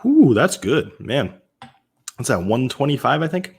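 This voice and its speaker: A man's voice: medium pitch, very animated, measured pace, a little mellow, husky. A man from Massachusetts hosting a casual live-stream whiskey tasting, chatting loosely, often restarting and correcting himself as he answers viewers. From Massachusetts, USA.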